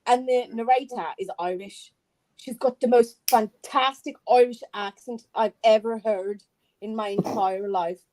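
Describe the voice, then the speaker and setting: A woman from Stockton-on-Tees, a panel guest chatting casually in an animated, teasing, chatty way. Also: a little high, a little slow, poor audio. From Stockton-on-Tees, England. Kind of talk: casual chat.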